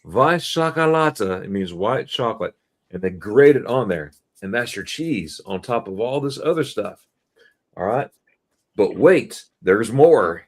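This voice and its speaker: Animated middle-aged man telling stories. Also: lowish voice, a little slow. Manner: animated storytelling, quizzing listeners. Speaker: host. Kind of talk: casual live-stream chat.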